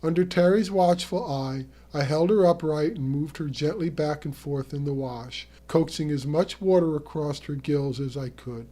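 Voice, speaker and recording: A man's voice: a little high, normal speed, few pauses, dark tone. A man telling a vivid first-person story as narrator of an audio tale.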